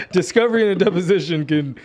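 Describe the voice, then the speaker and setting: A man hosting a casual interview podcast, chiming in with short backchannels and friendly prompts. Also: high voice. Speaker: podcast host.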